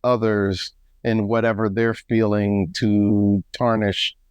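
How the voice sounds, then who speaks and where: A man co-hosting a podcast speaks slowly and calmly. His voice is low, smooth and resonant. The sound is dry and close, with no room echo. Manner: calm and slow, mostly brief agreement. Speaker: podcast co-host. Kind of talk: casual chat.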